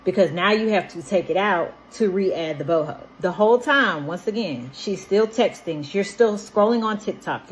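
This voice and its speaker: A woman's voice: lowish voice, slight background noise. A young woman casually recounting a story, emphatic and repeating herself for effect.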